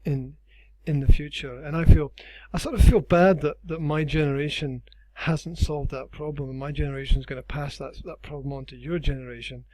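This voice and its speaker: A man's voice: a little high, steady tone, a little fast, few pauses, darkish tone, no room sound, low-quality recording. A man interviewing a student as her teacher, thinking aloud and repeating words while he talks, his voice wearing out. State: losing his voice. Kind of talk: casual interview.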